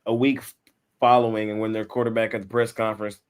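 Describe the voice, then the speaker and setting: Male host, low-ish voice, relaxed slangy banter on sports picks. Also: fast talker, clear, resonant tone. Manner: laid-back slangy banter, laughs often. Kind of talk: casual sports betting chat.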